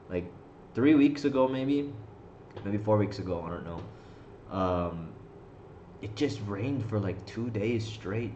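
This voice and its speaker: A man's voice: lowish voice, takes it slowly, pauses often, a little mellow, a little hiss or hum. A man hosting a trading live stream, chatting casually in a rambling, profane way and laughing often. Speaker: trading livestream host. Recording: roomy, slightly dull stream audio.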